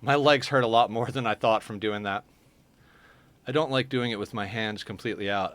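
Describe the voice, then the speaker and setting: A man's voice: lowish voice, fairly even intonation, moderate pace, a bit bright, dry recording. A man streaming a game live, chatting casually and answering his viewers as he plays. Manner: chatty, answers viewer chat while playing.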